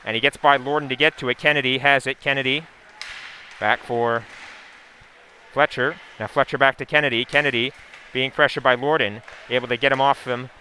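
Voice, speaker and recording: Guy calling hockey live, bright voice, steady running call, faint noise behind. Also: medium pitch, a little fast. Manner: steady running call with asides and sponsor plugs. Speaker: play-by-play commentator. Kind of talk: live hockey play-by-play commentary.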